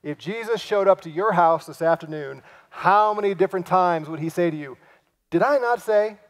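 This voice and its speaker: Pastor, male, gravelly upper-register voice; dramatic sermon delivery, loud cries dropping to hushes. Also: high voice, fairly quick. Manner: acts out quoted lines in lively voices.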